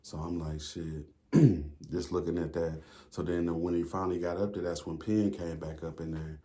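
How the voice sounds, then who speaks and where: A man with a very deep voice and a dark, mellow tone tells a story in a loose, rambling way. He drops slang, swears freely and keeps circling back with fillers. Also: flat delivery, moderate pace. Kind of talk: casual storytime monologue.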